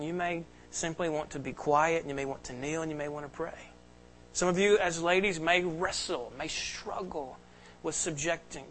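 A man's voice: on the high side, a bit bright, rough recording. A pastor giving an earnest, emphatic sermon to his congregation in a church. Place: church sanctuary.

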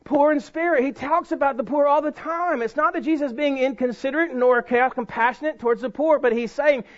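Male pastor, very high voice, preaches with loud bursts and quiet lows; muffled lo-fi sound. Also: brisk. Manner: preaching with sharp swings between loud emphasis and hushed low delivery. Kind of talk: sermon. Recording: dull lo-fi sound.

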